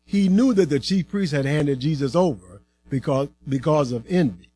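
A man giving a dramatic Bible reading, expressive in delivery. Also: fairly high pitch, normal speed. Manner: expressive, acting out the voices in quotes. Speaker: scripture reader.

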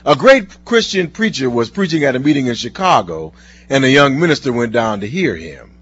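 Earnest, husky-voiced male preacher. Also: medium pitch, very animated, a bit bright. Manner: earnest, slowing down for scripture. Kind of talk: sermon with told stories and scripture reading. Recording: dull lo-fi recording.

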